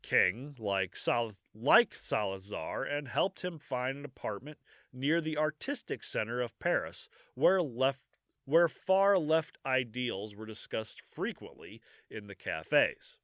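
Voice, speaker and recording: A man hosts a history podcast, reading his notes in a bright, cutting voice that swings up and down a lot. He stumbles, corrects himself and breaks off for jokey asides with a quick laugh. The sound is dry and close. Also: medium pitch, sing-song, no room sound. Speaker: podcast host.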